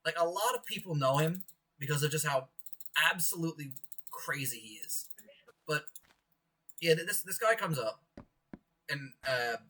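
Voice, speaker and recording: A young man from Canada tells workplace stories in a loose, rambling way, full of fillers and sudden bursts of excitement. His pitch leaps high and drops low as he gets into it. He sits back from the microphone, and steady background noise runs under his voice. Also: normal speed, long pauses. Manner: animated, rambling, many fillers, bursts of laughter. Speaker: podcast co-host. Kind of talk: casual storytelling over gameplay. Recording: distant mic with clear background noise.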